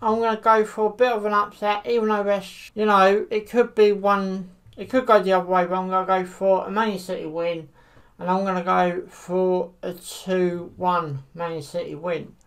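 A woman's voice: mid-range voice, flat delivery, moderate pace. A woman giving casual football predictions to camera, hesitant and full of fillers. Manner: hesitant, many fillers like "you know". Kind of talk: casual solo commentary to camera.

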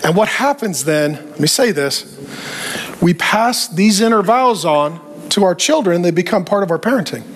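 A man preaching a sermon as a pastor, animated and joking, and acting out the voices he quotes. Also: sits high, moderate pace, faint music behind.

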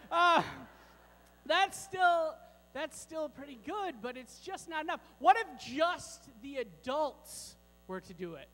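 Joking with children and adults, a very high-voiced man delivers a playful children's sermon that rings with long reverb across a large church sanctuary. There's a faint mains hum in the background. He takes his time, his intonation lively and his tone a bit bright.

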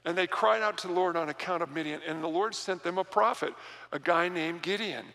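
High, bright-voiced preaching man. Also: fairly quick. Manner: animated, repeats words when building a point. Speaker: pastor. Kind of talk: sermon. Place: church sanctuary. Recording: reverberant church hall.

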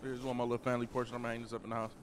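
A man's voice: medium pitch, flat delivery, very fast, a little hiss or hum. A man playing a role-play character, in casual slangy street talk over a headset mic.

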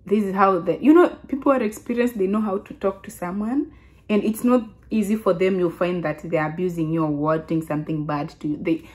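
A Kenyan woman in her twenties telling a casual story to her vlog audience, chatty and animated, often restarting her sentences. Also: mid-range voice. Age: 20s. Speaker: vlogger.

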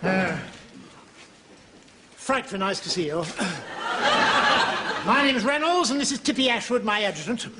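A dithering, plummy officer in an old TV sitcom, vague and self-important, his voice set high for a man. The old soundtrack carries a clear layer of hiss. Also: lively intonation, moderate pace, pauses often. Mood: fussy. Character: pompous, dithering British army colonel, man. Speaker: army colonel.

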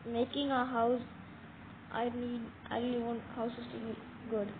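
A woman giving casual game commentary, talking straight to viewers with excitable, dramatic alarm. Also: on the high side, unhurried. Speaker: gameplay commentator. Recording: tinny phone-like audio with faint noise.

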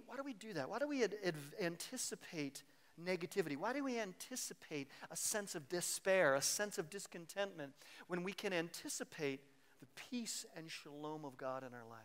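Animated male pastor preaching a sermon. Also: sits high, moderate pace. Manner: animated preaching that acts out worried inner voices.

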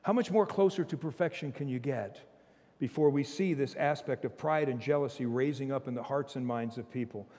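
A man preaching a sermon as pastor, emphatic, swinging from loud bursts to low, intense passages, with humorous asides and chuckles. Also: a little fast, big-room sound. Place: church sanctuary.

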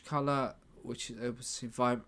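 A man's voice: mid-range voice, level tone, moderate pace, fairly bright tone. A man writing and thinking aloud in a casual way, reading pages aloud with sarcastic, muttered asides. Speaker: writer.

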